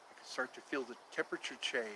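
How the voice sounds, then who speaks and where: A man's voice: medium pitch, fast talker, bright, forceful tone, slight background noise, poor audio. A man hosting a casual livestream from outdoors in the cold on his phone, rambling and repeating himself as he talks to viewers. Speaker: livestream host.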